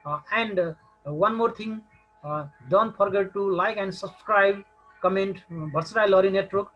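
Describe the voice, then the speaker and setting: A man's voice: high voice, normal speed, dull audio, soft background music. A man with a Nepali accent teaching a recorded English lesson, hesitant and full of filler sounds.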